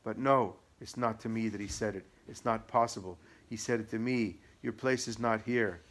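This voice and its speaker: A man voicing an abusive, taunting male devil in an audiobook, shrill and whining. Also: steady tone, moderate pace, a bit bright, close to an everyday voice. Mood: fearful. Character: raging taunting male devil possessing a woman. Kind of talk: audiobook reading.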